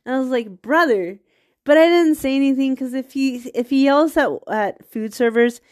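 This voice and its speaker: A woman hosting her podcast rambles through a casual monologue. Her voice sits on the high side, often breaks into laughing asides, and sounds a little stuffy from a cold. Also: brisk, darkish tone. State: has a cold, occasional coughs. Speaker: podcast host.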